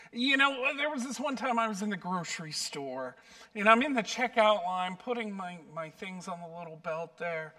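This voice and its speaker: A man, a pastor, preaching a sermon and telling stories with gentle self-deprecating humor. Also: sits high, recorded from a distance. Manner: warm storytelling, light self-deprecating humor.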